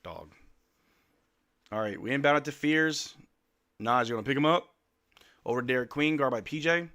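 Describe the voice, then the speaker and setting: A man hosting a live game watch-along, calling the plays in casual slang and shouting at the players. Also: medium pitch, moderate pace. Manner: animated, slangy, yells at players. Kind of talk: excited play-by-play fan commentary.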